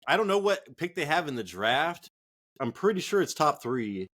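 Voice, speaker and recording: With a fairly high, fairly bright voice that swings widely in pitch, this man talks at normal speed. He co-hosts a laid-back sports show over drinks, cracking jokes, laughing and cursing along the way.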